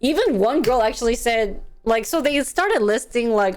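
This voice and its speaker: A woman's voice: a little high, animated, moderate pace, hardly any pauses, darkish tone, faint music behind. A woman hosting a talk show, telling a story casually with lots of fillers and acted-out quotes. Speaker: host.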